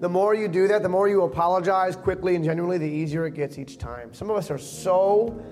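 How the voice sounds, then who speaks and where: A man preaching as a pastor, leading his congregation in a quiet prayer of confession and speaking the confessions for them. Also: high voice, brisk, faint music behind. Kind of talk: sermon and altar-call prayer.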